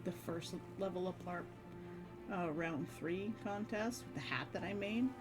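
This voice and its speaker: A woman's voice: lowish voice, a little slow. A woman streamer chatting casually, rambling and laughing often between phrases. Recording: background music under voice. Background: background music.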